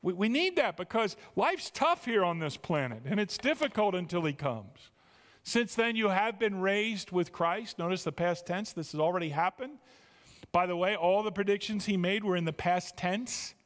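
A man's voice: sits high, a bit bright. A man preaching a sermon as pastor, emphatic, repeating words and rising with feeling. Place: church sanctuary. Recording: church hall reverb.

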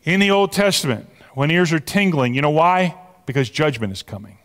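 A man preaching a sermon as pastor, animated, repeating words as he builds to a point. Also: fairly high pitch, a little fast. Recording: long hall reverb.

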